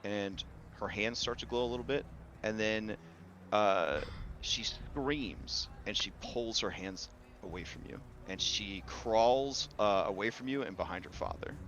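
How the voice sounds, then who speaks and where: A man narrates a tabletop game as game master in a casual, filler-heavy way. His voice sits fairly low, and the recording is slightly dull with faint hiss. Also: a little slow, a bit bright.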